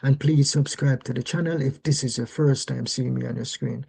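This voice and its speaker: A livestream commentator speaking casually and rhetorically, often checking in with "right?" and slowing down to stress key words. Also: medium pitch, steady tone, vocal fry, warm tone, husky. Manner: rhetorical, repeatedly asks "right?" and "yes?".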